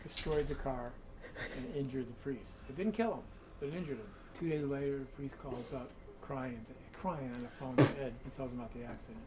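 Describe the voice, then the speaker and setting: A man's voice: mid-range voice, brisk, heavy background noise. A man telling a creepy story in a conversational, dramatic way, full of asides, while guiding people through a museum room. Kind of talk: spooky storytelling.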